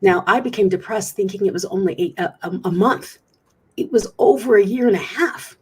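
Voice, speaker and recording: A woman's voice: mid-range voice, moderate pace, darkish tone, husky. A middle-aged woman, a guest on an interview show, candidly recounting a personal story with frequent restarts. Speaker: guest speaker.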